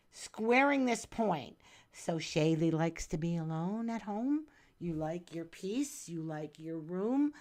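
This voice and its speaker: A middle-aged woman from New Jersey talks through a viewer's astrology chart in a loose, chatty way. Her voice sits a little low, and she sprinkles in pet names like hon and doll. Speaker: astrologer reading a viewer's chart on a live stream. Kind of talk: casual live-stream reading.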